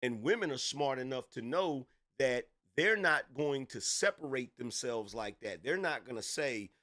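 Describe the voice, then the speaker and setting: A man's voice: medium pitch, animated, unhurried, bright, forceful tone. A middle-aged man giving an opinion commentary monologue, emphatic and repetitive, lecturing with rhetorical questions.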